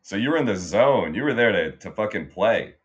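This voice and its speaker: A man's voice: on the low side, animated, brisk, muffled recording. A man co-hosting a podcast, teasing his friend with joking banter in casual chat. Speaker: podcast co-host.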